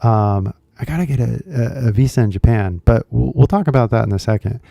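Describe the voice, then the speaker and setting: A man's voice: medium pitch, a little fast, vocal fry, dark tone, no echo, clean studio sound. A young man teaching English in a casual, rambling spoken lesson, full of fillers and asides. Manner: chatty, rambling, lots of fillers.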